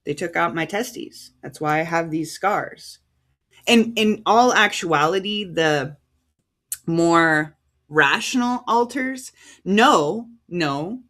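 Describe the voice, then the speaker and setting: An American woman preaching a livestreamed sermon in a conversational, halting way, stopping to sort out names and titles as she reads them out. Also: fairly low pitch, fairly bright tone. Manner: conversational, halting, stops to reread cited titles.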